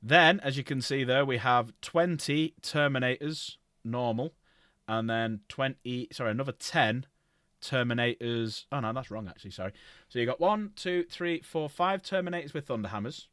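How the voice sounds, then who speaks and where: A man's voice: medium pitch, normal speed, fairly bright tone, dry recording, studio quality. Rambling man streaming. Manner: rambling, self-correcting, lists items aloud. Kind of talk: casual livestream chat.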